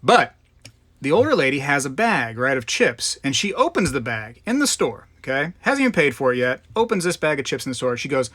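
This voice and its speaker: Rambling livestream host, dry close sound. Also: male voice, medium pitch, big pitch swings, a little fast, fairly bright tone, dry recording. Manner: rambling, greets chatters by name. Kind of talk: casual live chat.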